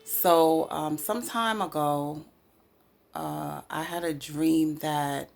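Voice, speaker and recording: A woman from the New York City area sharing a dream in a halting, emotional testimony full of fillers. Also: low-pitched, gravelly, a little mellow. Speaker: Christian speaker sharing a dream. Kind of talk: casual testimony.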